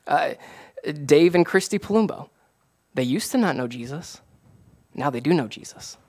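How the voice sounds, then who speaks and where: A man, a pastor, preaching a casual, conversational sermon that rises to excited emphasis. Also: fairly high pitch, normal speed. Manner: animated, rising to excited emphasis.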